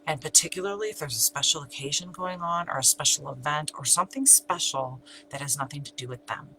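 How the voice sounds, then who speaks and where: A middle-aged woman, a channel host who survived abuse, recounts her personal story in a low-pitched, brisk voice. The audio is poor with a steady hum, and she's emphatic and repetitive, occasionally falling to a whisper.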